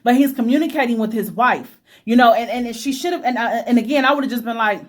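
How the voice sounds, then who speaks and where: A woman's voice: a little high, fast talker. A woman giving blunt, opinionated casual commentary on a reality show episode, swearing freely and using lots of fillers.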